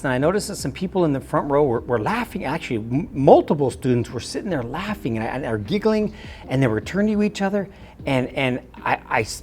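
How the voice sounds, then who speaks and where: A middle-aged male teacher recounts a classroom story in an expressive, animated way. His pitch swings widely as he talks, and the faint hiss behind him stays in the background. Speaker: high school teacher. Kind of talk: personal anecdote storytelling.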